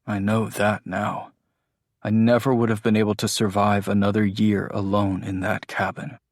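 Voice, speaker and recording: A man's voice: on the low side, level tone, normal speed, no echo, studio quality. A man narrating a first-person audiobook in an intimate, emotional storytelling manner.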